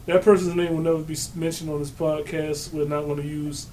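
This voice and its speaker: A man's voice: a little high, flat delivery, fairly quick, warm tone. A man co-hosting a casual podcast with friends, crude and teasing, laughing easily. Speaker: podcast co-host. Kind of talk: casual banter among friends. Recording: distant mic with faint noise.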